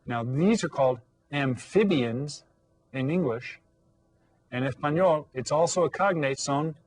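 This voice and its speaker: A man with a slightly high voice gives children a Spanish lesson on video as their elementary teacher. He repeats every word slowly and patiently, checks their understanding, and shouts out lively commands for the class.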